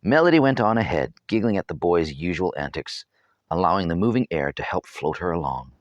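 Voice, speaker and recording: A man's voice: deep voice, animated, a little fast, no room sound. A man reading his own novel aloud as storybook narration, with wry, humorous asides.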